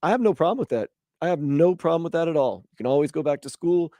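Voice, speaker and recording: A man hosts a sports talk radio show, chatting casually and animatedly while acting out hypothetical quotes in different voices. His voice is a little high, he talks fast, and there is no echo.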